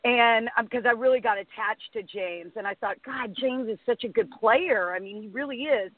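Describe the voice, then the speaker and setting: High-voiced middle-aged woman on a phone line. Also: normal speed, dry recording. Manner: animated storyteller, acts out quotes. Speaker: host. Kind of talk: casual chat.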